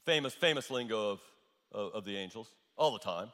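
A man's voice: fairly low pitch, lively intonation, brisk, a bit bright, in a large hall. A male pastor preaching a sermon, repeating his key lines for emphasis.

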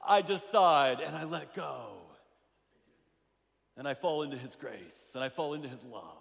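A man's voice: mid-range voice, expressive, normal speed, creaky. A man preaching a sermon, telling a story with acted-out voices and many restarts. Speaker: pastor. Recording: hall reverb.

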